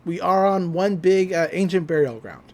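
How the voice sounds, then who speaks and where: A podcast host giving a casual episode recap, telling it with lots of laughter and quick character voices. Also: mid-range voice. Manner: animated storytelling, laughs often, slips into character voices.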